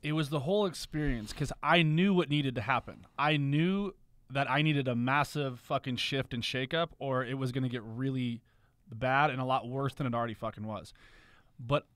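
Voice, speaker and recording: Dude opening up on a podcast, honest and raw, swearing, dry close sound. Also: male voice, medium pitch, moderate pace, a bit bright, no echo. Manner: raw, confessional, swears freely. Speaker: podcast guest. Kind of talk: candid podcast conversation.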